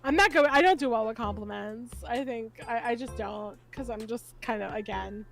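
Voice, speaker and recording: Host: woman, high voice, giggly, gushy, squeaks when replaying her own reactions, faint music behind. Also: normal speed, gravelly. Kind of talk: casual chat.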